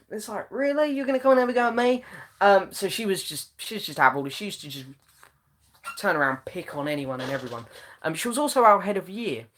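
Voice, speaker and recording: A young man hosts a relaxed live chat from home, answering viewers one by one. He meanders through his thoughts with frequent ums and restarts. His voice sits at an ordinary middle pitch. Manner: chatty and meandering, many ums. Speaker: live-stream host. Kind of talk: casual live chat reading comments.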